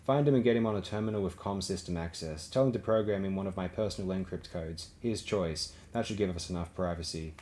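A man's voice: deep voice, quick pace, hardly any pauses, slight background noise, lightly acted. Man voicing a shrewd smuggler chief. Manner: calm, probing, turns hard. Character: cool, shrewd male smuggler chief on comm.

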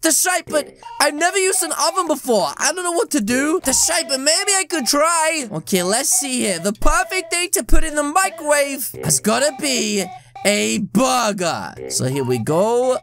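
A high-voiced woman narrating her role-play game with playful drama and plenty of chatter to her viewers. Music plays clearly underneath. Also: a bit bright. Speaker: gaming YouTuber. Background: background music.

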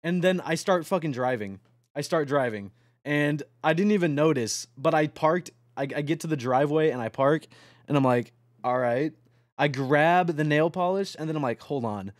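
Excitable young man with a high voice. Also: normal speed, dry recording, studio quality. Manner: rambling, excitable, swears a lot. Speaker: streamer. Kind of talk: late-night casual stream chat.

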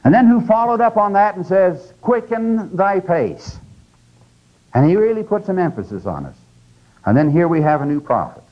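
An earnest male lecturer exhorts his listeners, his voice jumping up in pitch when he presses a point. He drops to a slow, deliberate pace to read quotations aloud. The 1980s cassette recording is dull and lo-fi, with the top end rolled off. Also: very animated. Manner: earnest, exhorting, with sudden rises in pitch and stress; slows down for quoted scripture and sayings. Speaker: religious lecturer. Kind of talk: recorded lecture to a live audience. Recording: dull lo-fi 1989 lecture tape.

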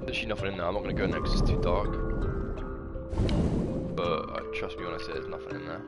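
A young man with a swearing, excitable manner, chatting casually as he plays a game. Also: sits low, fast. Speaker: gamer. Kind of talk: casual let's-play commentary. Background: loud game music.

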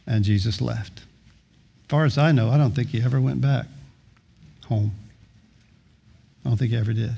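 Gravelly-voiced pastor preaching. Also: male voice, mid-range voice, a little mellow. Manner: storytelling, acts out voices in anecdotes; repeats words when starting sentences. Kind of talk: sermon.

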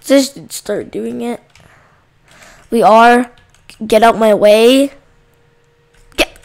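Slow-talking woman with a gravelly voice. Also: fairly high pitch. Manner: chatty, talks to viewers and yells at game characters. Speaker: gaming channel host. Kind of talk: casual let's-play commentary.

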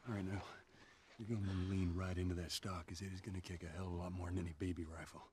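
An actor playing a gruff, protective middle-aged male survivor in a video game, giving blunt orders. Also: low voice, flat delivery, quick pace, noisy background, lightly acted. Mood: instructing. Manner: blunt, commanding instructions.

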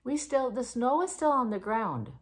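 A middle-aged Danish woman with a slight American tinge to her accent, rambling excitedly in a casual knitting vlog. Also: fairly high pitch, moderate pace. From Denmark. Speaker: knitting vlogger. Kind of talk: casual chat.

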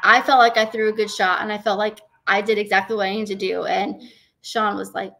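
Woman guest from Arizona, chatty and animated, quotes herself in lively bursts. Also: medium pitch, fairly quick, creaky. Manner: animated storyteller, acts out her own inner thoughts. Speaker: guest, professional bowler. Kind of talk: casual interview.

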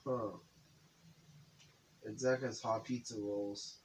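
A chatty young man co-hosts a let's play with his friend. He reacts fast and excitedly, tossing in casual remarks and curses as he watches the game. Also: fairly low pitch, slight background noise. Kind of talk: casual gaming commentary.

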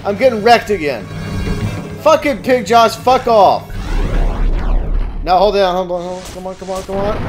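A man hosting a casual gameplay commentary, cursing and yelling at the game. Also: high voice, animated, normal speed, music in the background. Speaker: gaming let's-play host.

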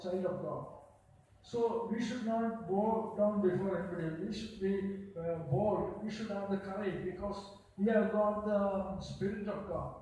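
A male preacher with a high-pitched voice delivers a sermon in a halting way, repeating phrases and saying hallelujah often. He is recorded from a distance in a very reverberant room with faint background noise. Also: dark tone. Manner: halting, repeats words, many fillers, frequent hallelujahs. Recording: echoey room, picked up from a distance.

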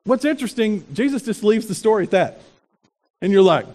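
High-voiced male pastor preaching. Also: a little fast. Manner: animated preaching with rhetorical questions. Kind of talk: sermon.

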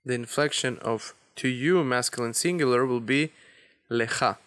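A man giving a beginner language lesson, explaining grammar slowly and deliberately with example phrases. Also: medium pitch, fairly bright tone, no echo, studio quality. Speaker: Hebrew teacher.

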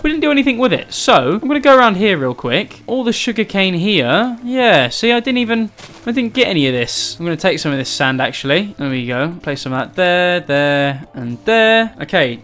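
A man's voice: fairly high pitch, a bit bright. A young man giving chatty let's-play commentary, talking straight to his viewers and crying out when startled. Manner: jumpy, exclaims often when startled; chatty, talks to viewers directly. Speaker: gaming YouTuber.

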